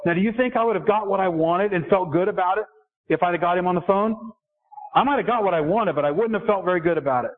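With a high, fast voice, a middle-aged preacher earnestly delivers a sermon and keeps asking the congregation questions. The sound is thin and phone-like.

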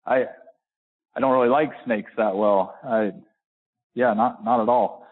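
A man preaches and reads scripture in a folksy way, restarting often, climbing to high emphatic peaks and slowing sharply to stress key words. His tone stays steady, and the sound is narrow, like a phone.

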